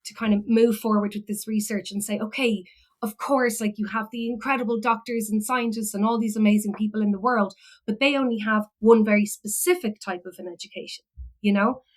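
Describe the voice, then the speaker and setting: Irish woman guest, rambling heartfelt storyteller, lots of fillers, medium-pitched voice. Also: steady tone, a little fast, poor audio. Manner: rambling, many fillers and restarts. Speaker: podcast guest, philosophy educator. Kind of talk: emotional personal storytelling.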